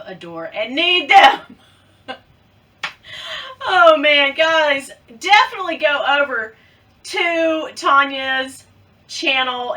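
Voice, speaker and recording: A woman vlogger chatting casually to camera about luxury bags, playful and quick to giggle. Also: a little high, pushed and bright, far from the mic, low-quality recording.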